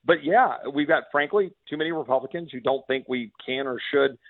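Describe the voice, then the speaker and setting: A man's voice: mid-range voice, brisk, gravelly, dry recording. A fiery, emphatic man from Texas calls in to a radio show, trips over his words and starts sentences again. His voice comes through a tinny, narrow phone line with no room sound at all. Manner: fiery, emphatic, many restarts. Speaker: congressman guest.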